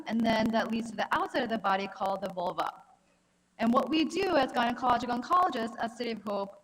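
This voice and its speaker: Woman doctor lecturing in a reverberant hall. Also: a little high. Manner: friendly, anecdotal, conversational lecturing. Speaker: gynecologic oncologist giving a talk. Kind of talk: health conference presentation. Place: conference hall.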